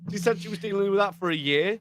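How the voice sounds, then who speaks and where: A man's voice: high-pitched, a bit bright, dry recording. A man co-hosting a podcast, blunt and joking, with plenty of swearing. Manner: blunt, swearing, quick quips. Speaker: podcast co-host. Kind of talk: casual podcast banter.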